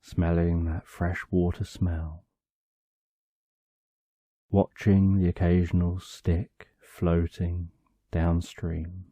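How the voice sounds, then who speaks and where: Slow, very dark-voiced male storyteller. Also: low voice, no echo. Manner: calm, drawn out, short phrases with long pauses. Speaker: sleep story narrator. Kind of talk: slow bedtime story narration.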